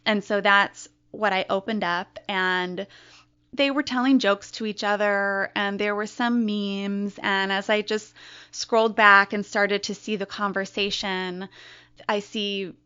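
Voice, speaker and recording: A woman speaks slowly and thoughtfully as she recounts a painful personal story to an interviewer. Her pitch sits in a middle range. The recording sounds dull and lo-fi. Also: fairly even intonation, sharp tone, smooth. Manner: slow, reflective storytelling. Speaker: interview guest.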